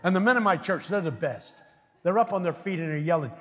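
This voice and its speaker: An older American man preaching a sermon, telling stories with sudden swings from hushed words to shouts and acting out voices of his congregation. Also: fairly high pitch, animated, brisk, faint music behind. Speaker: guest preacher. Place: large church. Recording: long reverb of a large church hall.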